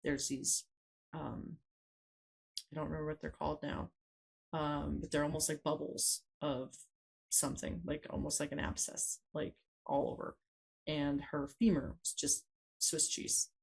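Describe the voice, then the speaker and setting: Woman guest on a podcast, low gravelly voice, kinda halting, lots of ums as she tells her story. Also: level tone, poor audio. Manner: hesitant, many pauses and fillers. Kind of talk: conversational interview storytelling.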